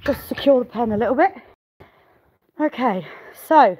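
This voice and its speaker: A woman farmer films a vlog in a sheep pen, coaxing and urging a ewe as she works and speaking to viewers between sighs. Her high-leaning voice is warm, husky, and expressive at a normal speed, and she swears with effort while wrestling the sheep.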